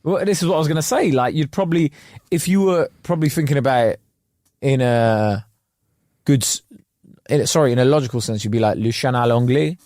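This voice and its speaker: A man's voice: a little high, brisk, darkish tone, no room sound, clean studio sound. Rambling man explaining on a podcast. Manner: rambling, self-correcting, chuckling. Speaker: podcast co-host. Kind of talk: casual podcast chat, explaining facts.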